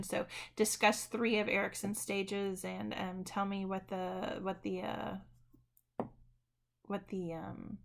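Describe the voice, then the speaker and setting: Casual lecturer, a woman with a gravelly edge who keeps checking in with her class. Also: medium pitch. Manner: conversational, self-correcting, says "right?" often. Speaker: college psychology instructor. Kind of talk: recorded online lecture.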